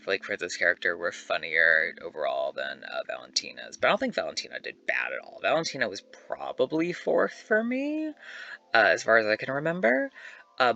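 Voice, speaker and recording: A young man and YouTuber giving casual, animated commentary to camera, chatty and swearing freely. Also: lowish voice, creaky. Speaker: YouTuber ranking reality-show contestants.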